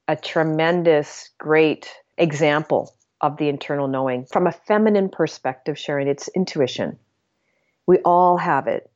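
A woman guest in conversation, speaking emphatically with halting restarts. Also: sits low, a little mellow. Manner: emphatic, halting, repeats herself. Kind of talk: conversational commentary. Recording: dull lo-fi sound.

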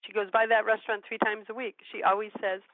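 An older woman hosts a radio talk show, chatting gently and telling stories in an encouraging way. Her voice comes through a thin, phone-like line with no room sound around it. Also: medium pitch, little pitch movement, fast talker, no room sound. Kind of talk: casual interview chat.

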